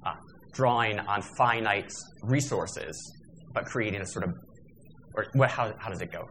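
A man lecturing at a workshop, voice sitting on the lower side. He wanders into digressions and corrects himself mid-sentence, with a faint hiss of noise behind him. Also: normal speed, fairly bright tone. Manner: discursive, digressive, with fillers and self-corrections.

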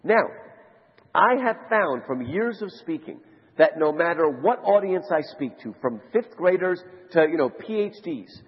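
A man giving a conference lecture to a live audience, telling stories in an animated way. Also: measured pace, slightly rough. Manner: animated storyteller, rising to high excited shouts. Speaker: conference speaker. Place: large conference hall. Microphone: handheld mic. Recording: lo-fi hall recording with long reverb.

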